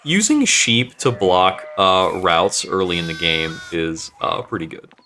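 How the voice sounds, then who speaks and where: A man's voice: sits low, expressive, unhurried, bright, forceful tone, a little hiss or hum. A man playing a story game, reading its lines and musing aloud between them with frequent fillers. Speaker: gaming channel host. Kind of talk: let's play commentary, reading dialogue aloud.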